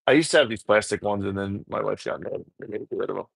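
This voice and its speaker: Casual New Jersey man, low gravelly voice, self-deprecating rambler, dry close mic. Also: quick pace, dry recording. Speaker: home cook content creator. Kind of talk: casual chat while cooking prep.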